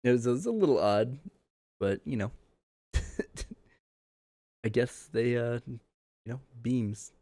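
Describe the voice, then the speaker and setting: A man co-hosting a casual podcast over a call, relaxed and laughing often as he talks. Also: mid-range voice, slow, pauses often, no room sound. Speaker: podcast co-host. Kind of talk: casual chat.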